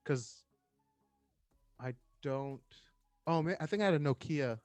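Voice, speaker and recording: A man's voice: on the high side, unhurried, darkish tone, no room sound, soft background music. A man in his thirties, a firefighter guest, telling a story in casual chat and acting out the voices of the people in it.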